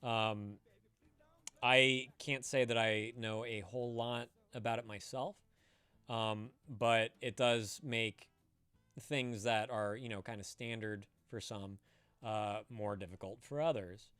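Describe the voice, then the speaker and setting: A man's voice: lowish voice, steady tone, slow, fairly bright tone, smooth, no echo. A man chatting casually on a live stream, rambling, laughing and swearing as he answers viewers.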